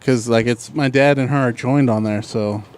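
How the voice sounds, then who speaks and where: A man's voice: mid-range voice, fairly even intonation, moderate pace, darkish tone, smooth. A man telling a story in casual podcast chat, animatedly acting out both sides of a phone argument. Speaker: podcast co-host.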